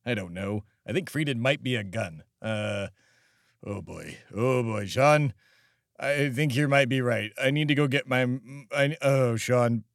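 A man's voice: medium pitch, unhurried, no room sound, clean studio sound, lightly acted. A man hosting a comedy podcast, playing a pompous, boastful billionaire who speaks as America itself and grows drunk and rambling. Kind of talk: comedic character monologue.

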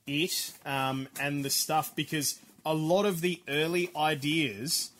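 A man co-hosting a casual gaming podcast, chatty and prone to excited outbursts. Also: slow. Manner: excitable, laughs often, pitch jumps when hyped. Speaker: podcast co-host. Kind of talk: casual chat.

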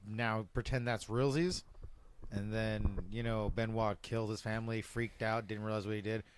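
Lower-voiced man joking with wild theories. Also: level tone, normal speed, smooth. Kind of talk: casual group discussion.

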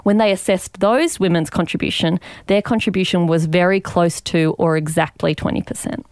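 Australian woman, podcast guest, lowish pitch, dry close sound, animated explaining. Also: moderate pace, no echo. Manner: articulate, animated explaining with examples. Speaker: guest author and commentator. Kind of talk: podcast interview.

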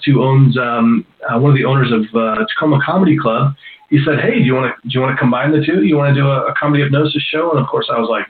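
A man's voice: mid-range voice, a little hiss or hum. A middle-aged man, a hypnotist and comedian, telling stories in a rambling, self-deprecating way during a casual interview. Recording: roomy, tinny phone-like sound.

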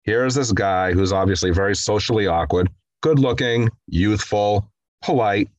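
A man co-hosting a casual film discussion, retelling scenes in an animated way and acting out the quotes. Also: fairly low pitch, moderate pace, no echo. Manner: animated storyteller who acts out quotes. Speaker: podcast co-host.

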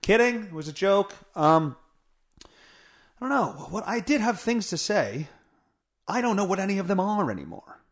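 A man with a high, sing-song voice hosts his own podcast from home, speaking at a normal pace with long pauses. His casual rant is blunt and profane, and he pokes fun at himself. He's recorded on a studio mic with a pop filter, run through a mixer.

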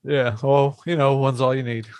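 A man's voice: medium pitch, fairly even intonation, moderate pace, darkish tone, no room sound. A man co-hosting a podcast, joking wryly and swearing in a casual chat.

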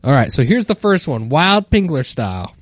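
A man's voice: fairly high pitch, big pitch swings, normal speed, no echo, studio quality. A man co-hosting a podcast, easygoing and a little hesitant, reading forum posts aloud. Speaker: podcast co-host.

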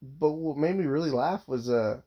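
A man's voice: on the high side, moderate pace, slightly rough, dull audio. A man in his thirties, a father, telling a long casual story, rambling and swearing constantly with lots of filler words.

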